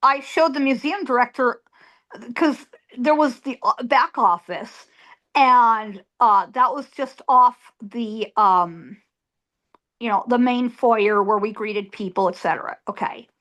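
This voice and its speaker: Slow-talking, high-voiced woman medium. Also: fairly bright tone. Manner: emphatic, repeats words for effect. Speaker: psychic medium guest. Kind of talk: storytelling in an interview.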